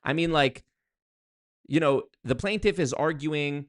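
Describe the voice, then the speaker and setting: A man's voice: on the high side, unhurried, dry recording, clean studio sound. A young man chatting casually on a livestream, reading viewer comments aloud and rambling with many fillers and restarts. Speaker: streamer reading chat.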